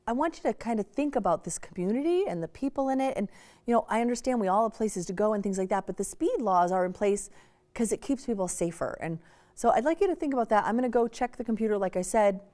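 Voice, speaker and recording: A woman acting out a calm male police officer who gives a driver a gentle, earnest warning instead of a ticket. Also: mid-range voice, quick pace, lightly acted. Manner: earnest, patient lecturing.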